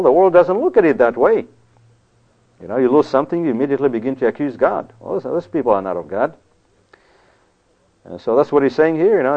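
A man preaching a sermon in a conversational, emphatic way, often checking in with "you see?". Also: medium pitch. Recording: tinny phone-like sound.

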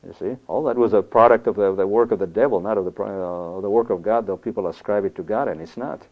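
A man delivers a sermon in an emphatic, conversational style, frequently checking in with "you see?". He talks fast at a fairly low pitch, and the recording sounds tinny, like a phone.

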